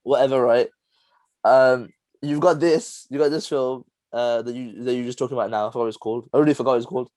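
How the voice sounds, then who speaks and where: A young man, co-hosting a casual podcast chat, rambling through animated stories with lots of laughter. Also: mid-range voice, fast, dry recording. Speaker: podcast co-host.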